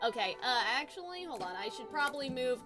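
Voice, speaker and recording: A woman's voice: sits high, big pitch swings, fast talker, over loud music. A woman hosting a casual livestream chat, a little congested and sniffly, talking in a chatty, giggly, rambling way. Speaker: YouTube host.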